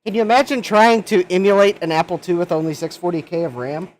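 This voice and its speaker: A man's voice: high-pitched, fast, slight background noise. Chatty male livestream host. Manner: chatty, jokey, reads chat messages aloud. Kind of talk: casual livestream chat.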